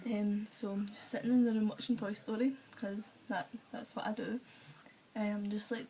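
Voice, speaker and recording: A woman's voice: mid-range voice, steady tone, normal speed, mellow, a little hiss or hum, poor audio. A woman telling rambling stories in a casual vlog, full of fillers and acted-out quotes. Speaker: vlogger.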